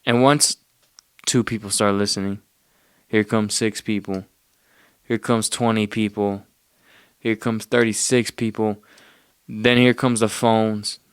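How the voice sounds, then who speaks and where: A man's voice: medium pitch, a bit bright, clear, resonant tone, dry recording, studio quality. A man hosting a podcast, talking in a loose, profane, rambling way and often losing his train of thought. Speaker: podcast host. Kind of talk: casual rambling monologue.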